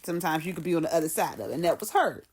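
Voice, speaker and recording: Lively woman recapping a TV show. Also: low voice, very fast, slightly rough. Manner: lively storyteller who acts out characters and laughs. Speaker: TV show commentator. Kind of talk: casual commentary recap.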